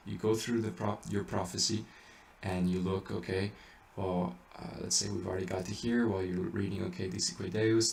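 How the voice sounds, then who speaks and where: In an echoey room, a low-voiced, gravelly man teaches chant informally, stopping to sing Latin chant examples. He speaks haltingly with lots of fillers and restarts; the mic is distant, his voice a bit off it, and faint background noise lingers.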